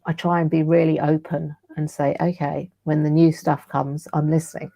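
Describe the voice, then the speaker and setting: A woman's voice: low-pitched, flat delivery, moderate pace, creaky, dark tone. A woman, a guest in a casual interview on a video call, talking reflectively with small restarts. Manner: reflective, hesitant, with restarts and fillers.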